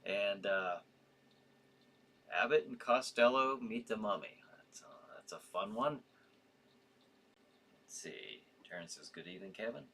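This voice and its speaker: Tired male livestream host, rambling and halting, lively bright voice. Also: fairly low pitch, vocal fry, slightly rough. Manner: rambling, halting, with frequent restarts and yawns. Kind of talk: casual live-stream chat reading viewer comments.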